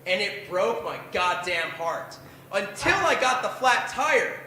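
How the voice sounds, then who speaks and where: A man in his twenties spins a profane, self-deprecating story at a bar open mic night. His voice sits very high and sounds bright and forceful. The room is strongly echoey, with a faint hum of noise behind him. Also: very animated, takes it slowly. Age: 20s. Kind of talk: stand-up storytelling.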